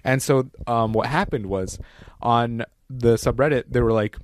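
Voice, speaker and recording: A man chatting casually on a podcast, telling a story quickly and mimicking people he quotes. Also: medium pitch, no room sound, studio quality. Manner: fast, animated storytelling with mocking quoted voices; swears casually. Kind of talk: casual chat.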